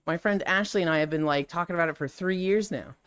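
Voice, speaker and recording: A man's voice: on the high side, fast talker, fairly bright tone, clean tone, no room sound. A man in his thirties, a streamer telling a story in casual talk, swearing freely and acting out the people he quotes.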